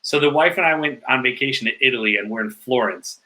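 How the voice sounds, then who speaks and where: A man telling stories in a casual podcast interview, in an animated way with lots of filler likes. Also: mid-range voice, quick pace, rough recording. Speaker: guest.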